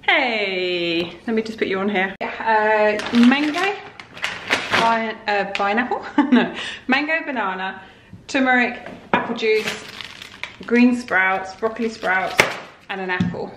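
A woman's voice: mid-range voice, takes it slowly. A woman chatting casually in her home kitchen, filming a homely, rambling vlog. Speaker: vlogger. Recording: echoey kitchen, clear background noise.

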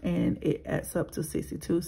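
A woman in her thirties chatting casually as a budgeting vlogger. She talks softly, slips into whispers while counting cash and rambles when she vents. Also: fairly low pitch, flat delivery, moderate pace, vocal fry, a little hiss or hum, rough recording. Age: 30s. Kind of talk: casual vlog chat.

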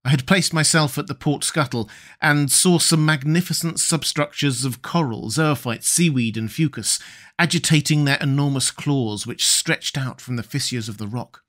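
A man narrating a classic adventure novel as an audiobook reader in a measured, steady way. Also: mid-range voice. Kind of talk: scripted narration.

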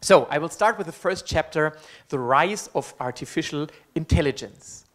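A man's voice: a little high, animated, normal speed, fairly bright tone. A man from Germany with a German accent gives a public university lecture in English through a microphone, friendly and joking, with frequent ums and uhs. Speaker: guest lecturer. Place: university hall. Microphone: amplified microphone.

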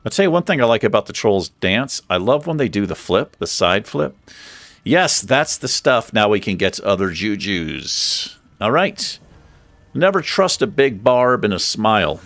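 A male gaming host with a gravelly, low voice that swings up and down a lot. He chats casually and thinks out loud, poking fun at himself as he plays. The sound is close and dry. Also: big pitch swings, a little slow, dry recording. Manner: chatty, thinks aloud, self-deprecating. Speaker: let's play host. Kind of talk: casual gameplay commentary.

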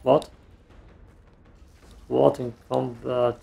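A man's voice: mid-range voice, level tone, very slow, vocal fry, warm tone, soft background music. A man giving casual, self-mocking commentary while he plays a video game. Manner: dry, self-mocking remarks while playing. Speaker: gameplay streamer. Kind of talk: casual let's play commentary.

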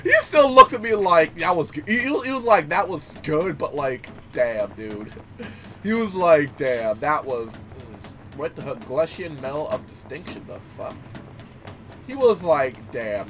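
A man's voice: a little high, sing-song, slow, pushed and bright, a little hiss or hum. A man giving casual gameplay commentary, telling stories animatedly, swearing and laughing often. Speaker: gaming YouTuber.

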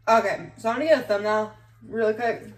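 A woman's voice: on the high side, fast, slight background noise. A young woman hosting a casual mukbang vlog at home, chatty and hyping her channel, now and then tripping over her words. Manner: chatty, hypes subscribing, trips over words. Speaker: vlogger. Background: child in the background.

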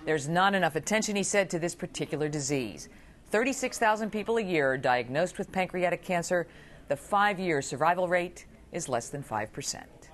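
A woman with a low voice reports for television news. Her delivery is measured and composed, in a steady news cadence.

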